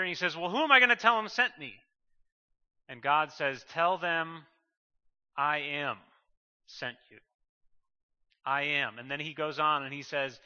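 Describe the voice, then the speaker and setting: Man preaching, bright edgy voice, kinda high, echoey hall sound. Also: clear, resonant tone. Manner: emphatic, rising to fervent bursts with many repeated phrases. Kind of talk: sermon. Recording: muffled sound with long hall reverb.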